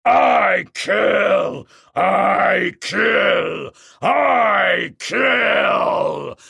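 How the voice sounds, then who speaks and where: A man's voice: on the high side, animated, drawn-out words, creaky, pushed and bright, husky, no room sound, full character voice. A man voicing a brutish, stupid male ape king who bellows war cries in an audiobook. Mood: furious. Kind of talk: audiobook narration.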